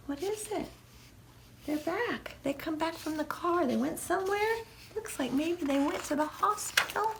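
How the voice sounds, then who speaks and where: Slow, playful storytime librarian woman. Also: sits high, creaky, a little hiss or hum. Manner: reads with playful animal noises and questions to young listeners. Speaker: children's librarian. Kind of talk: children's storytime read-aloud.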